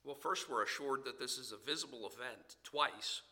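A man preaching a sermon in church as pastor, swinging between loud emphasis and hushed near-whispers. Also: mid-range voice, moderate pace. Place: church sanctuary.

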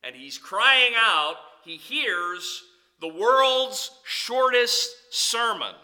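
A man preaching as a pastor, swinging between loud calls and soft, low asides. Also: expressive, drawn-out words. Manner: preaching with sweeping rises and drops in pitch and volume. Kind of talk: sermon.

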